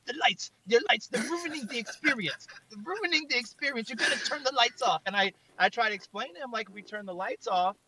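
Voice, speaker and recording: A man's voice: sits high, bright, forceful tone. A man, a videographer, telling a story in casual chat, rambling and full of "like". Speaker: videographer and director. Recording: dull lo-fi online audio.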